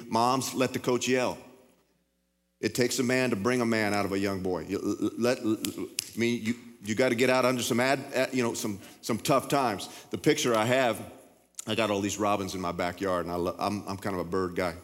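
A middle-aged man preaching in a low, folksy voice, circling back and restarting his words as he talks. His voice rings out with a long reverb through a large church hall. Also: steady tone, a little fast. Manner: folksy, repetitive, stammering. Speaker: pastor. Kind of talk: sermon.

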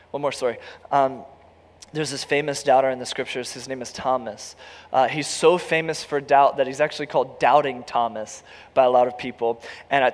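A man preaching a sermon, telling stories with lively acted-out voices and building to near shouts. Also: on the high side, big-room sound. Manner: animated storytelling, acts out voices, rises to near shouts. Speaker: pastor.

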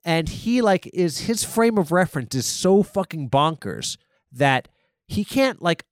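A man's voice: fairly high pitch, big pitch swings, no echo, studio quality. A man hosting a comedy podcast, rambling through an improvised monologue with lots of fillers, restarts and swearing. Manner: halting, rambling, profane, full of fillers.

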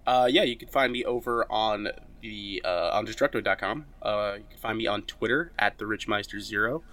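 A man who writes about games, speaking as a podcast guest. His voice is low but bright and forward. He delivers dry, deadpan sarcasm in a relaxed chat. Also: moderate pace. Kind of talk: casual chat.

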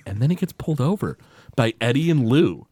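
A man casually recapping a cartoon episode on a podcast, acting out quoted lines in jumpy high voices. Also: sing-song, a little fast, mellow, slightly rough, no room sound. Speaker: podcast co-host.

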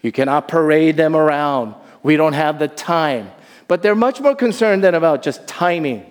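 Male pastor, high-pitched, lively sermon delivery, long church reverb. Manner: animated preaching, slowing to soft emphasis. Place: church sanctuary.

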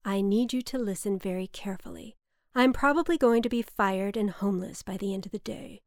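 A woman's voice: medium pitch, a little fast, no room sound, studio quality, natural voice. A woman voicing her curt, indignant, hard-drinking mother, who swears freely and snaps back.

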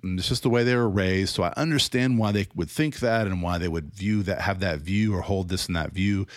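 A man's voice: low voice, brisk, no room sound, clean studio sound. A man with a Southern American accent giving a critical commentary monologue, sarcastic, often laughing and restarting his sentences. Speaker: commentator on church teaching.

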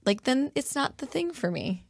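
A woman chatting in a relaxed way, telling stories with many fillers and restarts. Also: high voice, moderate pace, creaky, breathy edge, no room sound, clean studio sound. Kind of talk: casual conversation.

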